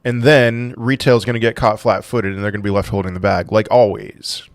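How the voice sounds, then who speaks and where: A man's voice: on the low side, little pitch movement, a little fast, no echo. A man hosting a casual crypto livestream, reading out viewer questions and answering with offhand, dry sarcasm.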